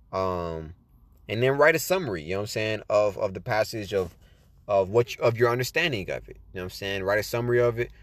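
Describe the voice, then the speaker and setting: Low-voiced man in rambling faith chat. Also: fairly bright tone, no echo. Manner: rambling, repeats "you know what I'm saying". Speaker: podcast host. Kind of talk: casual faith talk, reading tips.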